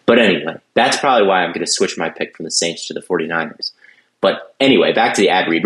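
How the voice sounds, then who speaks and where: Man, very low voice, sports podcast host, casual, opinionated, restarts sentences. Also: lively intonation, fast, fairly bright tone.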